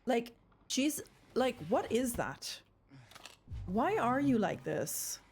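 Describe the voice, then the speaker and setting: A woman's voice: fairly high pitch, sing-song, takes it slowly, vocal fry, a little mellow, a little hiss or hum. A young woman streaming a horror game live, rambling, swearing and screaming in fright, with a throat sore from screaming.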